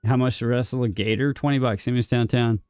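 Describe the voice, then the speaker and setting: A man's voice: mid-range voice, fairly even intonation, quick pace, a little mellow, clean tone, no room sound, clean studio sound, faint music behind. A man streaming a strategy game, chatting casually and answering his chat, often repeating words as he talks. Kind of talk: casual gaming commentary, reading chat.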